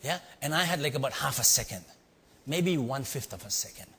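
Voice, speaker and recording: A man from India with an Indian accent, telling a story to a live audience and quizzing them with quick asides. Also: medium pitch, husky. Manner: animated, quizzing the audience with "yeah?" and "right?". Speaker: leadership speaker. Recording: long hall reverb.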